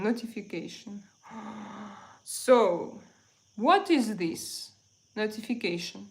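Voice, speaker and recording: Slow-talking woman live streamer, chatty. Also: medium pitch, expressive, rough recording. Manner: chatty, teasing, addresses viewers directly. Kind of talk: casual live-stream chat.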